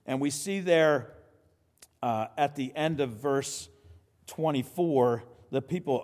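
A man preaching a sermon as pastor, lively and conversational, with quick asides and frequent restarts. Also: a little high, big-room sound.

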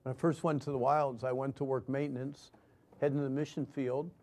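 A man preaching a sermon and telling his own story earnestly, moving between loud emphasis and hushed lines. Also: medium pitch, little pitch movement, brisk. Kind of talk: sermon with personal testimony.

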